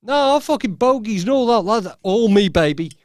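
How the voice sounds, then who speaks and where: A man voicing an indignant young actress who insists she was only acting; he is loud, sweary and exasperated. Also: high-pitched, expressive, moderate pace, no echo, clean studio sound, pitched above the performer's own voice. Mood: defiant.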